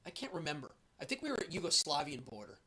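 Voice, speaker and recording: Husky, bright man telling an animated story. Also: a little high, fast. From United States. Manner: lively storyteller, acts out the guards' and his own lines. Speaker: show host telling a travel story. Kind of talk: animated anecdote.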